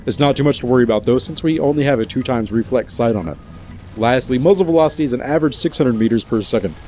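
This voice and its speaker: A man's voice: mid-range voice, fast, a little mellow. A man hosting a gaming video in a playful, jokey commentary style with teasing asides. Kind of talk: casual game commentary.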